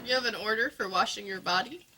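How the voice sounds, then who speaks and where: An actress playing a playful, quirky young wife in a sitcom, with studio audience laughter behind. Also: female voice, mid-range voice, quick pace, very noisy, natural voice. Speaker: free-spirited sitcom wife. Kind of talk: sitcom acting.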